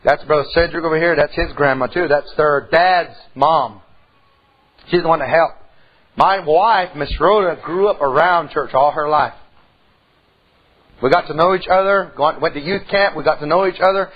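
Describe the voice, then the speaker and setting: A man's voice: on the high side, moderate pace, slightly rough, highs cut off. A middle-aged man preaching a sermon in church, telling a folksy story and rising into emphatic calls to the congregation.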